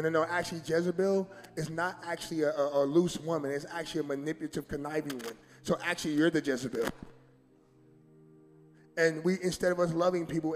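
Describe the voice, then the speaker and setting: A pastor preaches to his congregation in a colloquial, direct way. His voice sits a little high, and he acts out quotes with sudden loud bursts. The sound rings in a long hall reverb with faint music beneath. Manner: preaching with dramatic voiced quotes and rising emphasis. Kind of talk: sermon. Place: church sanctuary.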